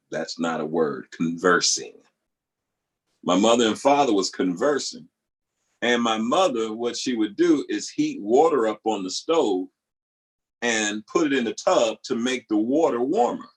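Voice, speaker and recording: Animated middle-aged man telling a family story. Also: rough recording. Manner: animated, jumps into high squealing voices for quoted family members. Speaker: vlogger. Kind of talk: casual storytelling monologue.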